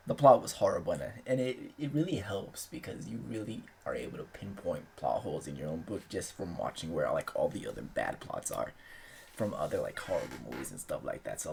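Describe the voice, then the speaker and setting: A man's voice: sits low, vocal fry, darkish tone, slight background noise. A young man talking in a loose, rambling way as host of his own channel, full of filler words and casual swearing. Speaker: aspiring author and channel host. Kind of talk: casual chat.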